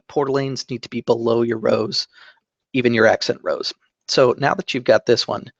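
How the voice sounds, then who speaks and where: A man hosting a tabletop game channel, calmly explaining a digital map-drawing tutorial step by step, with fillers and self-corrections. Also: medium pitch, gravelly, no room sound, highs cut off. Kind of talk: screen-recorded drawing tutorial. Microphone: desk microphone.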